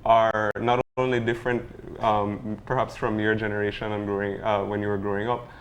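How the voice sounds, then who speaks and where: A man co-hosting an interview, asking long questions that he builds slowly, full of "um" and "I guess". His voice sits a little low, with faint noise in the background. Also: flat delivery. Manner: hesitant, many fillers. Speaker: co-host.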